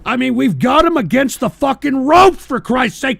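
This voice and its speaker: A man hosting a political talk show with a gravelly, high voice. He rants in a combative, foul-mouthed way and keeps circling back to the same tag phrases. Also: expressive, moderate pace, dry recording. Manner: profane, combative ranting with frequent shouting; repeats "all right?" and "for Christ's sake". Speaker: radio show host. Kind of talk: political call-in rant.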